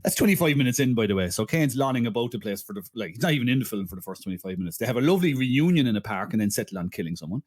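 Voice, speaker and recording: A man hosting a casual comedy podcast, rambling through a film plot with restarts and asides. His voice sits at a middling pitch, easy and conversational, with chatty self-interruptions. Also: expressive, very fast, few pauses, darkish tone. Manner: rambling, stumbling restarts, frequent laughter. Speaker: podcast host.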